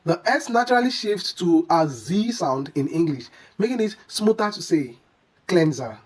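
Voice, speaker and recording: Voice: mid-range voice, lively intonation, moderate pace, rough recording. A teacher giving a scripted English pronunciation lesson, explaining each word carefully and repeating the model words.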